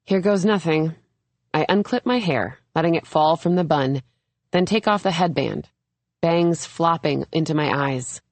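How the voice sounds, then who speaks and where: A young adult woman reading a first-person thriller audiobook in a measured, even storytelling manner. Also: sits low, dry recording. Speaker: audiobook narrator. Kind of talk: scripted first-person narration.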